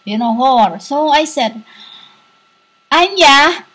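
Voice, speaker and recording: A woman giving a rambling spiritual monologue as a self-styled teacher. She talks haltingly, with many fillers and restarts, and often breaks into soft laughter. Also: sits high.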